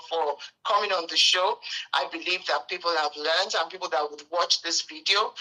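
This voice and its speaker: A woman hosting an interview with a fairly low voice and a bright, forceful edge. She keeps affirming her guest and wraps the show up warmly. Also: rough recording. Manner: affirming, agreeing backchannels. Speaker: host.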